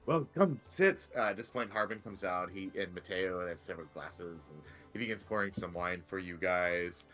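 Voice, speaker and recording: A man's voice: sits low, steady tone, brisk, hardly any pauses, sharp tone, soft background music. A man narrating a tabletop game as game master, loose and rambling with many fillers.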